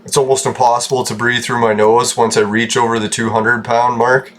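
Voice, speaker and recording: A man's voice: medium pitch, little pitch movement, a little fast, a bit bright, slight background noise. A man from Canada giving rambling, casual commentary over gameplay, joking, swearing and laughing often. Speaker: gaming channel host.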